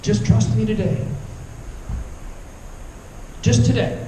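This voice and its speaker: A man voicing God as a calm, reassuring male presence, speaking softly and near a whisper. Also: sits high, takes it slowly, heavy reverb, a little hiss or hum, low-quality recording. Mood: gentle. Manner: hushed, soft, near-whispered.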